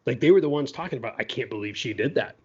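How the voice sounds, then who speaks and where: A man's voice: mid-range voice, lively intonation, very fast, muffled recording, crowd noise. A man co-hosting a podcast, telling a story in a loose, chatty way, full of "you know" and "right?" asides. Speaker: podcast co-host. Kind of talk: casual storytelling.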